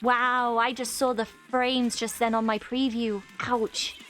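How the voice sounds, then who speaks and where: A woman's voice: a little high, little pitch movement, slow, fairly bright tone, faint music behind. A woman in her twenties chatting casually on a live stream while she plays, reading chat aloud and laughing often. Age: 20s.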